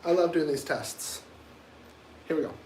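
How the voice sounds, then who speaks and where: A man with a fairly high voice hosts a casual livestream, blunt and rambling. He talks straight to his viewers in a provocative way, with a faint noise underneath. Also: measured pace, a little mellow. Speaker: livestream host.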